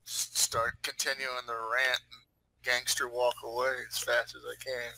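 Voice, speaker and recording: A man playing a tabletop game, describing his character's actions in a casual, animated way. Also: mid-range voice, measured pace, gravelly, dry recording, low-quality recording. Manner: lively, animated, laughing. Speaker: player.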